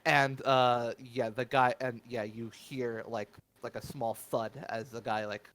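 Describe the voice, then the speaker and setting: A man narrating as game master of a tabletop role-playing game, talking in halting starts with many fillers. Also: medium pitch, flat delivery, a bit bright, a little hiss or hum. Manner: hesitant, many fillers and restarts.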